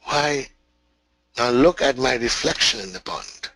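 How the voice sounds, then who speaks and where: A man's voice: medium pitch, expressive, unhurried, sharp tone, no echo, clean studio sound. A man voicing a big, wise male lion who speaks with emphatic, patient questions while telling a teaching story. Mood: guiding.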